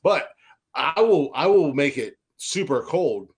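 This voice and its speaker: A man's voice: fairly high pitch, animated, takes it slowly, breathy edge. A young man hosting a podcast, telling stories in a rambling, profane way and often stammering into restarts. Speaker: podcast host. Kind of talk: casual podcast banter.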